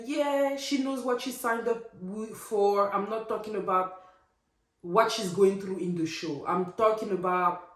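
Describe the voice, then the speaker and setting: Opinionated woman vlogger in an echoey room. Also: on the high side. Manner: opinionated, animated, rhetorical. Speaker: recap vlogger. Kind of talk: casual reality TV recap.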